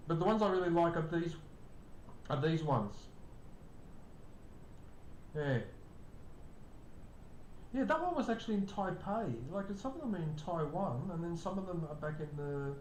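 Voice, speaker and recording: An older streamer, chatting casually with live viewers and greeting them by name. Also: a little mellow. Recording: echoey room, faint rumble.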